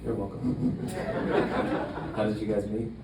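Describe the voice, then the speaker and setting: A young man doing a stand-up comedy set in a club, with a deadpan, halting delivery full of fillers. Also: lowish voice. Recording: roomy club sound from a distance, audience noise. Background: audience laughter.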